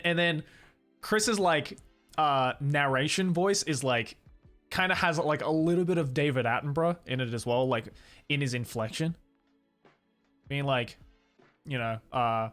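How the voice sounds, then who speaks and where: A man's voice: medium pitch, fairly bright tone. A man chatting casually with his stream audience, often laughing and trailing off with fillers. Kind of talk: casual chat.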